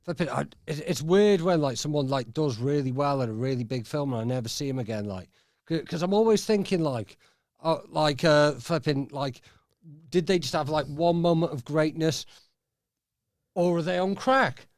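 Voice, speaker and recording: A man's voice: on the high side, normal speed, darkish tone, no room sound. A man hosting a podcast in a studio, chatting casually with a rambling, sweary delivery full of fillers. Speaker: podcast host. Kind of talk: casual chat.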